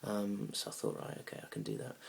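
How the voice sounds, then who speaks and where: Awkward rambling young Englishman, gravelly voice. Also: on the low side, big pitch swings, quick pace. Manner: awkward, rambling, flares into loud indignant rants. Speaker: comedian telling a story. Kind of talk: deadpan comic monologue.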